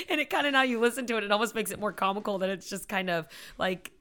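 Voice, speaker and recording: A young woman chatting about films as a podcast co-host, her voice bright and edged with tension. She talks in an animated way, laughs often, and throws herself into loud, big renditions of the lines she quotes. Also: mid-range voice, fast. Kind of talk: casual film chat.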